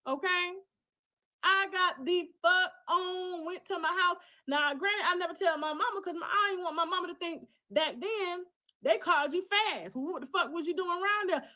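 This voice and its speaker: A high-pitched woman talks straight through a personal story without softening anything. She swears freely, leans hard on key words and slips into other people's voices to act out what they said. Her delivery is that of an online commentator holding forth. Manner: blunt, profane and emphatic; acts out other people's lines mid-story. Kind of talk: casual storytelling monologue.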